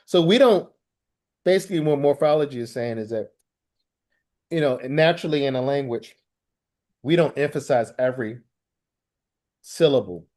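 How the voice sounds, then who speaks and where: A man lecturing a language class at a middle pitch. He keeps asking the student questions, repeating himself and restarting phrases as he explains. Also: a little mellow. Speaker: teacher.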